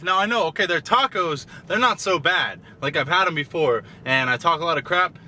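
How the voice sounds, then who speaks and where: A young man vlogging a casual food review, animated and ranting with loud exclamations. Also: fairly high pitch, a little fast, few pauses. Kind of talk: casual vlog chat.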